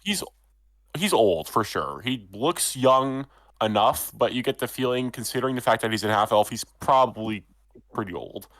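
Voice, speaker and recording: A man narrating as game master of a tabletop role-playing game, relaxed and meandering with frequent ums. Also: medium pitch, moderate pace, no room sound.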